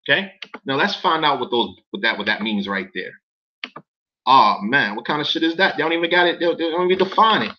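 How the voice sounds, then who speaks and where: A man's voice: a little high, animated, a little fast, lo-fi sound. A man reading documents aloud in casual commentary to viewers, incredulous and profane, often stopping to ask them questions.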